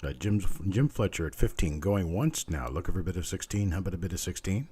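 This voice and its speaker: Hoarse, very deep auctioneer man. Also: fast. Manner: steady bid-calling chant with chatty asides. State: losing his voice, hoarse. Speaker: live coin auction host. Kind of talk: auctioneer calling bids.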